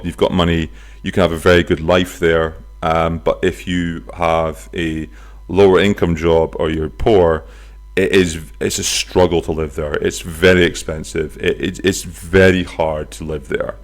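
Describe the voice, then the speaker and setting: A man hosting his own podcast, chatting casually from his flat, telling stories with silly voices and some swearing. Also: deep voice. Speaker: podcast host. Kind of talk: casual solo podcast chat. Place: flat near a bus stop.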